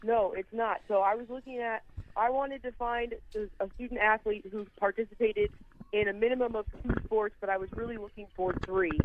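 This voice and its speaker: A woman sports journalist calmly explaining her picks during a casual radio interview, with fillers now and then. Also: mid-range voice, fairly quick, dry recording. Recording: tinny phone line.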